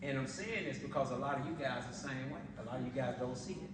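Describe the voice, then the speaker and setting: Speaking quickly at a medium pitch, a man gives a motivational sales presentation for a business opportunity, laughing often and spinning colloquial stories. He is in an event hall, and the audio is echoey, noisy and recorded from afar.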